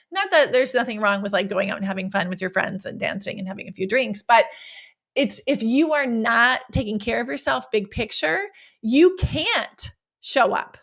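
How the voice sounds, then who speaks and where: Woman podcast coach, bright and slightly high voice, peppy and playful, casual solo delivery. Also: gravelly. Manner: energetic and playful, often ends points with "right?".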